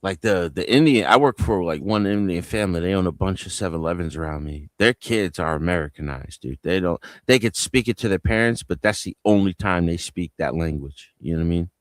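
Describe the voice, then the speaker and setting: A man's voice: deep voice, a little fast, few pauses, no echo. A man from New Jersey on a live panel, telling loose stories full of street slang and swearing. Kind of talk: casual live panel chat.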